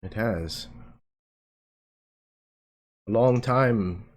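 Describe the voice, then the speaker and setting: A stern older priestess, voiced by a man speaks in a low, measured voice. She talks very slowly and coldly, her reproach sitting in every deliberate word. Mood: reproachful.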